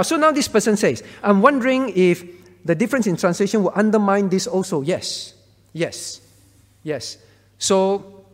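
A male pastor teaching through Bible questions, repeating key phrases and checking in with listeners. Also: a little high. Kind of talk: teaching Q&A talk. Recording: long reverb hall.

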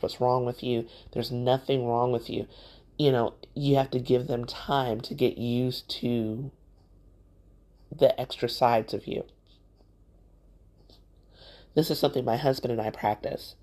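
A woman's voice: very deep voice, darkish tone. A woman hosting a motivational podcast, talking straight to the listener in a conversational, encouraging way. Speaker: podcast host.

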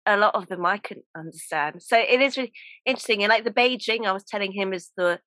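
An English woman hosting a podcast, talking in a relaxed, chatty way with lots of laughs and fillers. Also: mid-range voice, quick pace, no room sound. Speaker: podcast host. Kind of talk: casual chat.

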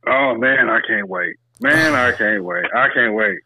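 A man in casual chat, talking loudly and profanely and laughing often. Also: lowish voice, wildly swooping pitch, a little slow, creaky, a crowd in the background, poor audio.

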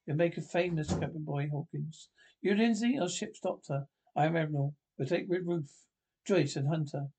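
A man voicing an excitable, boastful older gentleman squire in a storybook reading, talking eagerly and with loud confidence. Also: fairly high pitch, normal speed, slightly rough. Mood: exultant.

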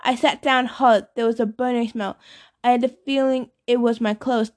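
A woman reading a fantasy novel aloud, narrating in first person and voicing the characters' shouted lines. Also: steady tone, moderate pace. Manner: acts out dialogue with louder, higher shouts. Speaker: audiobook reader.

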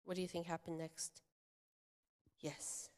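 A woman pastor giving a children's sermon, telling a story in an animated way and asking the children questions. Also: fairly low pitch, unhurried. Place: church sanctuary. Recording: long church reverb.

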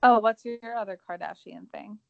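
A young woman co-hosting a casual celebrity gossip chat, agreeable and quick to chime in. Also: mid-range voice, gravelly, no echo. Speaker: co-host. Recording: dull lo-fi sound.

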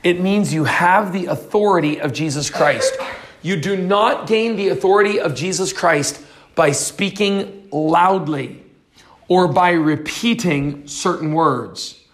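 A man's voice: high-pitched, slow pace. A man preaching a sermon, reading scripture aloud and then explaining it. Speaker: pastor.

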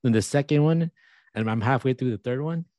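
A man's voice: mid-range voice, brisk, mellow, no room sound. A man co-hosting a podcast in casual chat, laid-back and easygoing. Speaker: podcast co-host.

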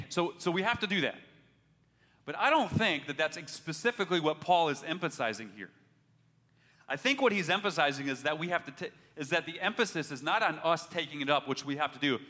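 A man's voice: a little high, sharp tone. A man preaching a sermon in an earnest way, pressing harder when he urges and often restarting his words. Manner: earnest preaching, rising in force when urging, with repeated restarts. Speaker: pastor. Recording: long hall reverb.

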